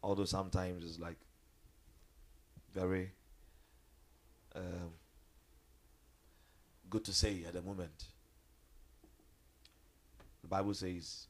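A man preaching a sermon, animated, swinging between loud high outbursts and low quiet stretches. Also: slow, long pauses. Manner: animated, acts out quoted voices with big jumps in pitch.

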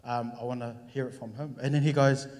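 A man's voice: mid-range voice, brisk. Man telling a story in a reverberant church hall. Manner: storytelling, acting out conversations with lively voices. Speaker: church worship leader sharing a testimony. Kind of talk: casual sermon testimony.

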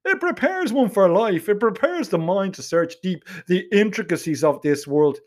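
A smug young man with a posh south Dublin accent, as a storyteller puts him on, talking down to everyone in an affected tone. The voice stays high for a man and moves up and down a lot. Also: animated, moderate pace. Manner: condescending, affected.

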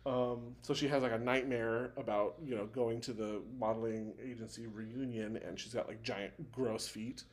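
A man's voice: medium pitch, fairly even intonation, normal speed, few pauses. Rambling man recapping a show. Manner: rambling retelling full of "like" fillers and restarts. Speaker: podcast co-host. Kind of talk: casual chat recapping a TV show.

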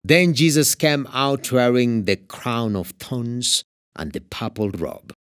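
A man from Kenya with a Kenyan English accent, reading scripture aloud as narrator in a steady, expressive way. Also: mid-range voice, slow, clean tone, dry recording, studio quality.

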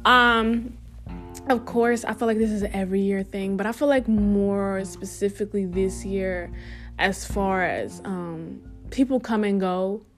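A woman's voice: mid-range voice, fairly even intonation, measured pace. Young woman podcast host, casual and chatty, stops herself mid-thought, repeats key points for emphasis; faint music bed. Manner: chatty, self-interrupting, playful asides; emphatic, repeats advice for stress. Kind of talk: casual reflective monologue.

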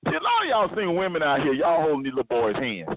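A man hosting a casual sports podcast, ranting loudly and laughing as he makes his points. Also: on the high side, quick pace. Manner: loud, animated ranting with laughs. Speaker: podcast host. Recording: tinny phone-like line with noise.

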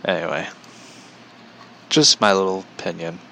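Man, young adult, casual livestream chat, rambling, chuckles often, bright tone. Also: low-pitched, vocal fry, slight background noise. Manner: rambling, chuckling, reading out viewer comments. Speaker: vlogger.

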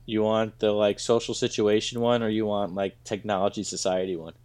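A man's voice: on the low side, level tone, a little fast, a little mellow. A man co-hosting a casual comedy podcast, trading puns and reading mock ads with a jokey delivery. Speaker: podcast co-host.

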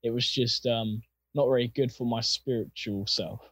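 A young man with a husky voice, telling his personal faith story in an earnest, rambling way with plenty of fillers. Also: mid-range voice, steady tone, moderate pace, dry recording. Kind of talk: casual personal testimony.

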